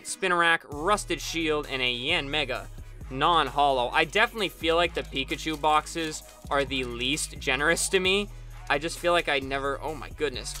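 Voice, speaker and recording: A young man talks his viewers through a card pack opening, listing each card in turn and getting loud and excited over the good ones. His voice sits fairly high for a man and has a bright, forceful edge. Soft music plays underneath. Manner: excitable, rattles off card names, bursts of cheering at good pulls. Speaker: channel host opening trading card packs. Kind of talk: casual pack-opening commentary.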